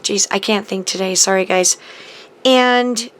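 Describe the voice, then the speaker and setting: A woman's voice: medium pitch, steady tone, measured pace, fairly bright tone. Middle-aged woman, casual craft-channel host, gushing, chatty, lots of ums. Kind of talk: casual happy-mail chat to camera.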